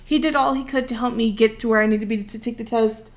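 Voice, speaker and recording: A woman's voice: fairly high pitch, fairly even intonation, fast. A young woman in her twenties chatting through a long, rambling, self-deprecating story while building, close to the microphone. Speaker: vlogger. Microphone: close desk microphone.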